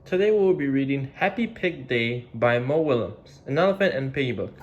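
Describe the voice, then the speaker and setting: A man's voice: medium pitch, animated, fairly quick, lo-fi sound, slight background noise. A man reading a children's picture book aloud, adding chuckling asides about the story. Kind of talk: read-aloud storybook narration.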